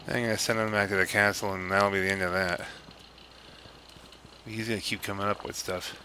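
A man quietly commenting on his gameplay in a hushed voice so he will not wake anyone at home. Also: fairly low pitch, flat delivery, brisk, a little hiss or hum, poor audio. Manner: hushed, quiet talk to avoid waking others. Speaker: gamer playing and commenting. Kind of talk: let's play commentary. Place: home, early morning. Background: game music.

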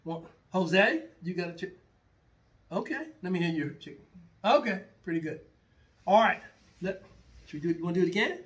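A man's voice: high voice, lively intonation, moderate pace, pauses often, fairly bright tone, distant mic. A man leading a children's martial arts class, playfully pretending to be confused and repeating himself as he coaches.

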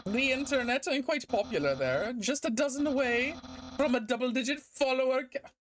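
A woman's voice: high voice, animated, moderate pace, slight background noise, voice pushed up. A woman voicing a goofy, boastful male skeleton in a video game, with a Scottish-tinged accent that keeps slipping.

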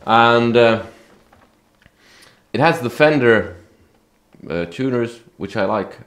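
A man who hosts his own channel, talking casually about his guitar in a relaxed, chatty way, often correcting himself. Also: mid-range voice, slow. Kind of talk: casual gear talk to camera.

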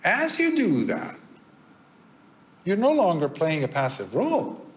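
A male Buddhist monk giving a dharma talk in a temple prayer hall, telling a story with pauses and fillers. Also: high-pitched, huge pitch swings.

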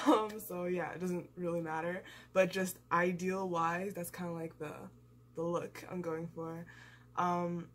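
A woman's voice: lowish voice, a little hiss or hum. A young woman chatting casually in an anime reaction video, gushing and filling her talk with likes and ums. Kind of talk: casual reaction and review chat.

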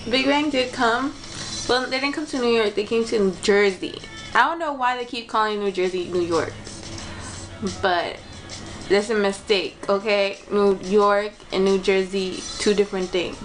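A woman's voice: medium pitch, moderate pace. A young woman reacting to a music video in a casual vlog, chatty and rambling, gushing and giggling like a fan.

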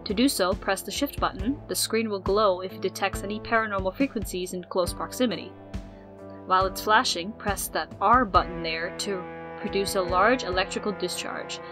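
A woman's voice: mid-range voice, normal speed, natural voice. A woman voicing a formal, wordy young boy inventor, with game music behind. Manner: wordy and precise.

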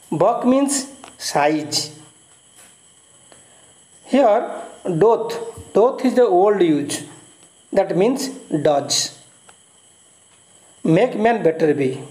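A male teacher with an Indian English accent works through a poem, repeating key words and explaining each one. His voice sits high for a man and stays mellow and soft-edged. The recording carries a noticeable room echo. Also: lively intonation, extremely slow, pauses often. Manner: repeats key words and glosses meanings step by step. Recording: echoey room.

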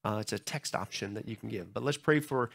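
Bright-voiced joking pastor. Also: male voice, lowish voice, fairly quick, vocal fry, breathy edge. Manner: joking, loose and chatty, many fillers. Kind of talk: church announcements before a sermon. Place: church sanctuary.

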